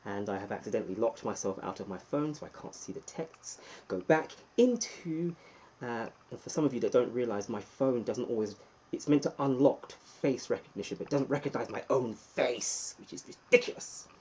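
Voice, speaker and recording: An English man hosts a casual live stream, greeting viewers by name and joking between shout-outs. His voice is mellow and a little husky. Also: mid-range voice, animated, normal speed. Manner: playful, gives chatty shout-outs to viewers. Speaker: live streamer hosting a YouTube chat.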